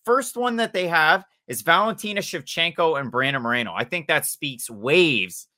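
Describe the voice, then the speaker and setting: A man from Canada, co-hosting a casual podcast chat in an animated, joking way. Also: fairly high pitch, normal speed. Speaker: podcast co-host.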